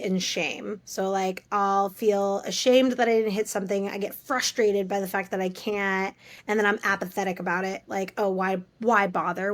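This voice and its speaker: A woman's voice: medium pitch, no room sound. A woman in her thirties, a podcast guest, talking openly and telling stories with animation. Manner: open, animated storytelling. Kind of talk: casual interview chat.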